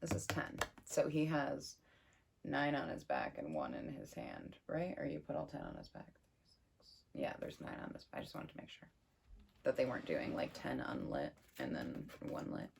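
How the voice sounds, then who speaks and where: A woman giving a casual tarot reading, chatty and excitable as she thinks aloud over the cards. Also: rumbling low, moderate pace, vocal fry, a little hiss or hum. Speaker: tarot reader.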